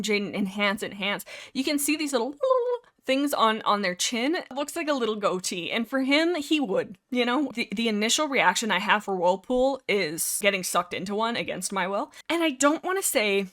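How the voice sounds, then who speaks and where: A woman giving playful, theatrical comic commentary in a casual video, full of quick jokey asides. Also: fairly high pitch, a bit bright. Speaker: video creator.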